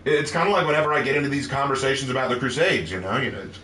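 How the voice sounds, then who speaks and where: A man co-hosting a casual livestream Q&A, explaining history at a relaxed pace with fillers. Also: mid-range voice, racing, reverberant, distant mic, a little hiss or hum. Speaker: co-host.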